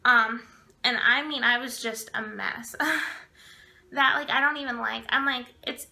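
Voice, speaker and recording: A woman's voice: fairly high pitch, steady tone, measured pace, creaky, bright, forceful tone. A woman in her twenties telling a personal story to camera in a chatty way, full of filler words and acted-out quotes. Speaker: vlogger.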